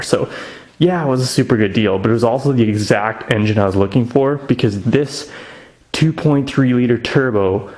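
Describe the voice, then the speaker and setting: A man's voice: mid-range voice, darkish tone. A young man chatting casually and eagerly about his car project in his home garage, with lots of filler words.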